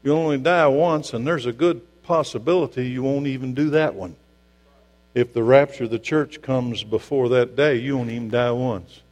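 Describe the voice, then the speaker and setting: A man preaching a sermon as pastor, emphatic, asking the congregation rhetorical questions and swinging from loud to hushed. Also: mid-range voice, moderate pace. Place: church sanctuary. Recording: long hall reverb with mains hum.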